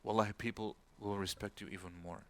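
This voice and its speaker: A man's voice: on the low side, steady tone, quick pace, a bit bright, a little hiss or hum. A man giving an informal religious talk as an imam, telling a story and acting out the people in it with a raised voice, and dropping Arabic words and phrases into his speech. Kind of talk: talk-style religious lecture.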